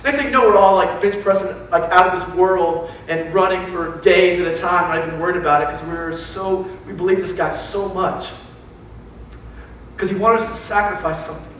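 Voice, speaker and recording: A young man with a Texan accent preaching a casual, joking sermon to young adults, telling animated stories with slang. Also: sits high, moderate pace. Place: large church hall. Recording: very echoey hall, distant mic, faint hiss.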